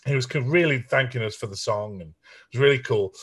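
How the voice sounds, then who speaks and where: A man's voice: medium pitch, fairly quick, slightly rough. Sheffield guy, middle-aged songwriter, spinning stories in an interview, does the voices. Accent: Sheffield English. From England. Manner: animated anecdotes, acts out voices and quotes. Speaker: songwriter guest. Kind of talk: storytelling interview.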